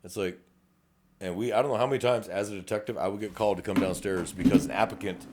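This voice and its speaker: A man's voice: on the low side, steady tone, fast, heavy background noise. A middle-aged man with a South Texas accent, a police officer co-hosting a casual podcast, blunt and profane, acting out quoted exchanges. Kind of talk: casual chat.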